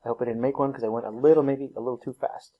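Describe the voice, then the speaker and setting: Over tinny audio, a man with a steady, narrow, medium-pitched voice races through a recorded math lesson. He stays casual and self-deprecating, laughing at himself as he explains each step.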